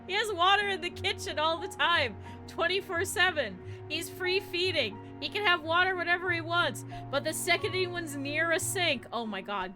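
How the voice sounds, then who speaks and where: A woman live-streams from home, casually chatting and giggling with her viewers and her cat, while game music plays in the background. Her high voice has a sing-song lilt at normal speed.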